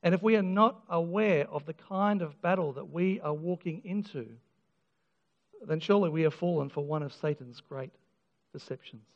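A man's voice: on the high side, moderate pace. A man preaching a sermon, earnest and emphatic, with frequent restarts and touches of self-deprecating humour. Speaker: pastor. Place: church. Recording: dull lo-fi sound with long church reverb.

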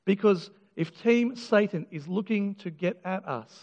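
A man's voice: sits high, measured pace, darkish tone. A man preaching a sermon, earnest and emphatic, with frequent restarts and touches of self-deprecating humour. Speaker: pastor. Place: church. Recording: dull lo-fi sound with long church reverb.

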